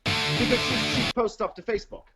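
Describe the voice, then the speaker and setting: A man's voice: moderate pace, over loud music. A man hosting a live show, casually telling a story and acting out the quotes with big jumps in his voice. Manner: animated, acts out quotes with big pitch jumps, swears freely. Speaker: host. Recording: dull lo-fi sound.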